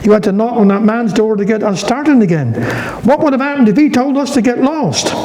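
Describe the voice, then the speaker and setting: Brief: man reading as a Cornish wife, gently scolding her husband, fairly high voice. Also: lively intonation, brisk, echoey room, natural voice. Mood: reproachful. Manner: gently reproachful. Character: kindly scolding Cornish wife woken at night.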